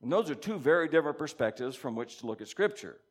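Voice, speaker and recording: A man's voice: on the high side, quick pace. Man giving a conversational sermon. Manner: animated, musing aloud, reads scripture aloud. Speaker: pastor or Bible teacher.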